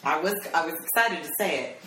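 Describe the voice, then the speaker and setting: A woman guest with a deep voice telling stories in casual chat, full of fillers and laughs. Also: animated, fairly quick. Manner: chatty storytelling with frequent laughs and fillers. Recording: roomy echo with background noise.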